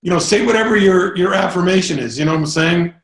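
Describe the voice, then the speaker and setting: Man, sales coach, live group coaching talk, energetic, rambling, sudden whoops, fairly high voice, echoey room. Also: quick pace.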